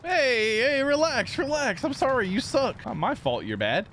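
A man commentating his own shooter match, with a high voice that leaps all over the place. He trash-talks and laughs at the other players, with a faint hiss of noise behind him. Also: sing-song, moderate pace, fairly bright tone. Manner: trash-talking, laughing, exclamatory. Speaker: gaming streamer. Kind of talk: excited gameplay commentary.

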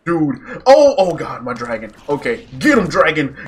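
A young man giving casual gameplay commentary, yelping and shouting in panic, then muttering nervously between scares. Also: a little high, sing-song, normal speed. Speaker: gaming YouTuber.

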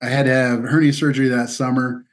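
Here the Missouri guest athlete talks fast with a flat delivery, his pitch sitting at an ordinary middle level. His interview storytelling stays loose and casual, full of laughs and frequent "dude" and "like."

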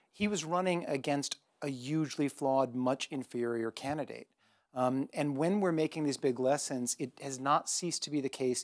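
A man speaking as a columnist on a panel, arguing a point in measured terms with emphatic asides. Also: medium pitch, no echo, clean studio sound. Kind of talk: panel discussion.

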